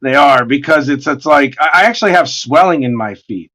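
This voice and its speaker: A man in his forties chatting casually as he works, an animated, rambling storyteller with plenty of swearing. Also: medium pitch, brisk. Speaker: artist streaming his work. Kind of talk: casual chat.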